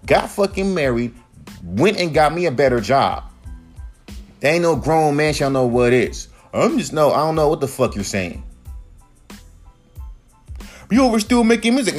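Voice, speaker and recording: A man in his thirties, a podcast host, ranting in a casual monologue that is profane, heated and animated. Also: fairly high pitch. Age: 30s.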